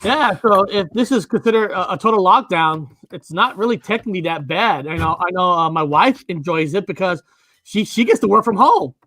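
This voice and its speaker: A podcast host whose voice sits high for a man, recorded close and dry. He talks in a halting, easygoing way, padding with uhs and correcting himself as he goes. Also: lively intonation, sharp tone, no room sound. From United States, Washington state. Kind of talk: casual interview chat.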